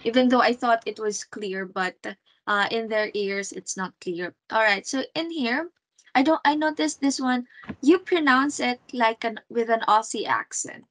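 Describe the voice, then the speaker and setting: A woman's voice: a little high, unhurried, fairly bright tone, low-quality recording. A woman teaching a one-on-one English lesson over a video call, patient and encouraging, with frequent fillers and repeated words.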